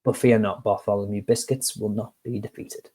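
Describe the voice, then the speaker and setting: A man voicing a jolly, kind and naive male baker in a storybook tale, asking puzzled, cheerful questions with a lifted pitch. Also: steady tone, moderate pace, dark tone, close to an everyday voice.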